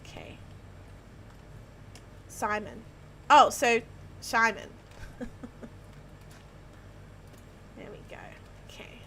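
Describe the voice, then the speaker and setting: A woman's voice: on the high side, sing-song, normal speed, slight background noise. An Australian woman chatting casually while she live-streams herself building in a game, giggling and playful, laughing often. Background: faint background music.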